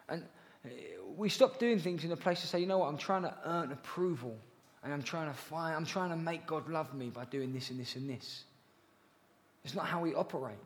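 A young man preaching a sermon, earnest and chatty, with jokey asides to the congregation. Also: high voice. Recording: long reverb of a large hall.

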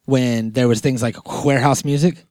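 A man chatting on a podcast, keeping his jokes deadpan and rambling through them with plenty of fillers. His pitch sits in an ordinary middle range. The sound is close and dry, with no room around it. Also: moderate pace, dry recording. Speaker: podcast host. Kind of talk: casual comedic chat.

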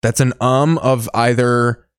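A man doing comedic commentary over a video, riffing sarcastically in a deadpan way with joking asides. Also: mid-range voice, slow pace, clean tone, no room sound, clean studio sound.

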